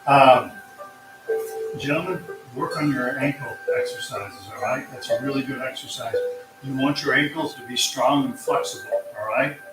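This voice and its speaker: Male tai chi teacher, mid-pitched, steady counted cues, recorded from a distance in a reverberant room with music underneath. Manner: calm, counting out slow cues. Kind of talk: guided exercise class instruction. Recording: roomy, distant mic with music.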